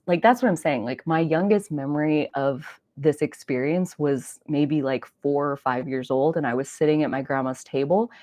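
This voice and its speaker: A woman with a low voice, rambling through a personal story full of "like" and the odd swear word. The sound is dry and close. She talks casually to her listeners as the host of her own show. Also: dry recording. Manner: rambling, animated storytelling with frequent "like" and mild swearing. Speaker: astrology podcast host. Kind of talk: casual solo chat.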